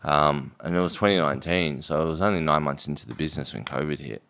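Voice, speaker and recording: A man's voice: very deep voice, fast, creaky, fairly bright tone, smooth. A man from Australia telling his business story in a casual podcast chat, rambling, with slang and swearing. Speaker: guest, drinks brand founder.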